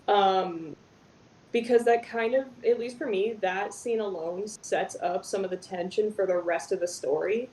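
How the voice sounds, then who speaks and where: A woman's voice: moderate pace, mellow. A young woman, a cosplayer, chatting playfully on a group video call. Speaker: cosplayer panelist. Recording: echoey room with faint rumble.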